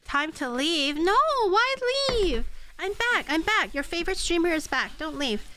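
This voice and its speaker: A woman's voice: high voice, lively intonation, normal speed, noisy background. A young woman live-streaming from her home kitchen, chatting casually with her viewers in a playful, teasing way as she cooks. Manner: playful, teasing, bursts into laughter. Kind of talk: casual live-stream chat while cooking.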